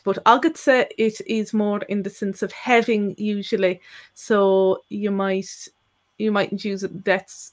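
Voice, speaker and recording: A woman co-hosting a live-stream language Q&A, explaining at length with frequent fillers and restarts. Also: mid-range voice. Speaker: co-host and Irish language teacher.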